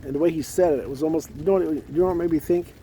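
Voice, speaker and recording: A man's voice: fairly high pitch, very fast, mellow, a little hiss or hum. A man telling a rambling, profane personal story in a casual vlog, full of fillers and restarts.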